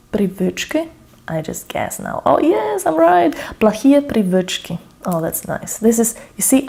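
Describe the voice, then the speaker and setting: Woman thinking aloud over her notes, warm and a bit low, unsure and checking herself as she writes. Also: creaky. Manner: self-checking, hesitant, muttering under her breath. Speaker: language learner demonstrating a method. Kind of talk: casual think-aloud tutorial. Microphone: camera over her shoulder.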